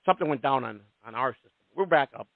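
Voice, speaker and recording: A man's voice: medium pitch, animated, fast talker, creaky, dry recording. A man hosting a call-in radio show, talking in a profane, rambling way with a lot of restarts. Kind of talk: casual call-in radio talk. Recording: tinny, dry phone-line sound.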